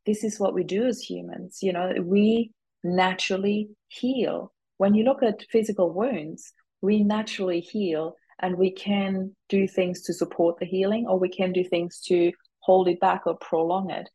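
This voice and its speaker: A woman talking as an interview guest, calm and measured, thoughtful in her reflective conversation. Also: medium pitch, husky, low-quality recording.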